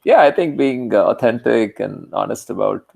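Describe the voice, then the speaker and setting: Guy interviewing, gravelly fry in his voice, friendly and laughing. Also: on the low side, animated, moderate pace, darkish tone. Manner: friendly, laughing, short affirmations. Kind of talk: casual interview chat.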